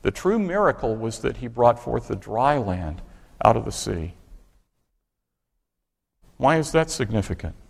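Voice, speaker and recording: A man's voice: medium pitch, vocal fry, big-room sound. A man preaching a sermon, driving his points home with pointed rhetorical questions. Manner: emphatic, asks the congregation rhetorical questions.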